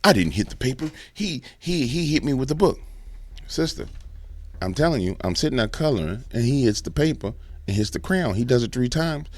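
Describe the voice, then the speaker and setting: A defensive little schoolboy stammers through his excuses in a high, whiny voice, as a man puts him on. The pitch jumps around a lot. He pleads his case to a stern nun. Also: animated, brisk, darkish tone, no room sound, close to an everyday voice.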